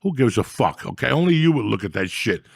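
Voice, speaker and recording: A man with a heavy, gravelly fry in his voice rants through comic stories on a podcast. His delivery is profane and animated, and it jumps to loud outbursts when he acts out a scene. The sound is close and dry, with no room in it. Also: mid-range voice, fairly quick, no room sound. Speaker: podcast host. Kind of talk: casual comedic storytelling.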